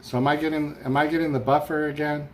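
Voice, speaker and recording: Talking fast in a slightly high, level voice, a man rambles through a casual live stream from his room at home. He's chatty and reads viewer comments out loud, with a fan running and some light background noise.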